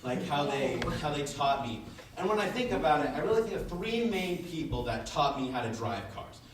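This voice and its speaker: A man's voice: fairly high pitch, big pitch swings, normal speed, noisy background. Give me a young male student presenting casually, heard from far off in a roomy classroom. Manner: casual storytelling, frequent "like" fillers. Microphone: far room mic.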